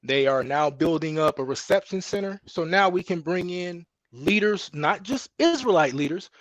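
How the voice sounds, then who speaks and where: A man's voice: on the high side, lively intonation, moderate pace, no room sound. A man who is a guest in a heated panel debate, defensive and insistent, repeating himself to get a word in. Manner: defensive, insistent, calls others bro.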